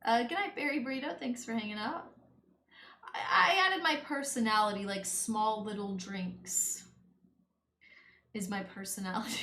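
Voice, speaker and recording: A woman's voice: on the high side, moderate pace, sharp tone. A young woman streaming while she paints, chatting loosely with lots of "like" and "you know.". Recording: echoey room with faint ambience.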